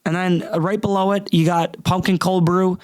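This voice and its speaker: A man's voice: high voice, little pitch movement, normal speed, dry recording. A young man hosting a solo comedy podcast, rambling and swearing with stammering restarts. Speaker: podcast host.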